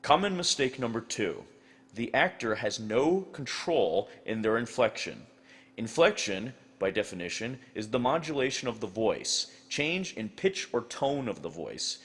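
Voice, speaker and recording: Male instructor narration, lively intonation, even tone. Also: medium pitch, unhurried, slightly rough.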